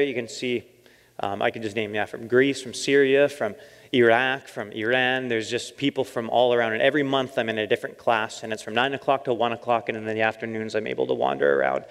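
Man, animated storyteller, mid-pitched voice, long hall reverb. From Canada. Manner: animated, acts out his own quoted lines, laughs often. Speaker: missionary giving a church talk. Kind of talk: storytelling talk.

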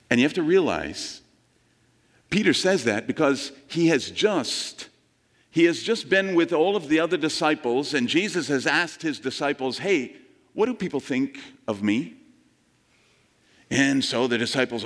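Man, pastor preaching a sermon, lively swooping delivery, long hall reverb. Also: mid-range voice, unhurried. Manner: animated storytelling, acting out quoted voices.

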